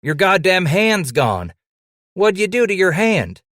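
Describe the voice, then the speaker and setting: A man voicing a rough frontier trapper who growls and curses bluntly. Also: medium pitch, lively intonation, normal speed, no echo, clean studio sound, voice pushed up, natural voice. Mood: gruff. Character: gruff, cursing trapper roused from sleep.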